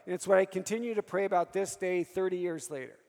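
A man's voice: high-pitched, quick pace, gravelly, a little mellow, big-room sound. A priest in his fifties preaching a sermon, telling personal stories and calling to the audience for an "Amen?". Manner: storytelling, calls for "Amen?" from the audience.

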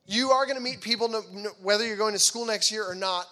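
A man in his thirties speaks to teenagers in a lively, conversational faith talk, slipping into acted-out voices for the people he quotes. His voice sits high for a man and has a bright, forward edge. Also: fast talker. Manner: animated, acts out voices in quoted dialogue; chatty and conversational, with frequent fillers. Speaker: youth speaker.

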